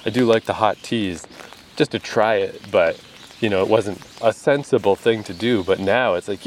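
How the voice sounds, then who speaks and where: A man's voice: on the low side, normal speed, a little hiss or hum. A Canadian man talking casually to his camera outdoors in the rain, laughing often and swearing now and then. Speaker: vlogger. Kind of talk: casual vlog monologue.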